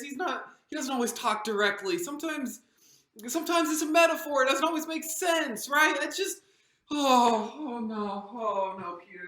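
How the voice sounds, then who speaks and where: A woman's voice: on the high side, fairly bright tone, lightly acted. A woman pastor performing a devotional monologue as a frightened disciple of Jesus, anxious and stammering with many restarts. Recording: roomy echo.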